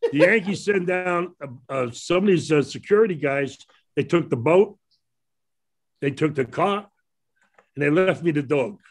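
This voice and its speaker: An older man with a Brooklyn accent tells his stories in a loose, rambling way and breaks into laughter often. His voice sits a little high for a man. He speaks as a guest in casual conversation. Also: animated, a little slow, long pauses. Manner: rambling anecdotes with frequent laughter. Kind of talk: casual storytelling.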